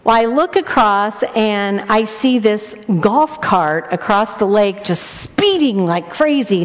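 A woman's voice: medium pitch, slow, hardly any pauses. An older woman, a grandmother, preaching a storytelling sermon and acting out each voice in it. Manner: animated, acts out the dialogue. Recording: long hall echo, dull lo-fi sound.

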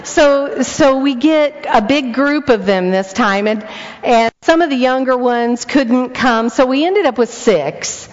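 A woman's voice: high-pitched, slow, slight background noise. An older woman, a grandmother, preaching a storytelling sermon and acting out each voice in it. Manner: animated, acts out the dialogue. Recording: long hall echo, dull lo-fi sound.

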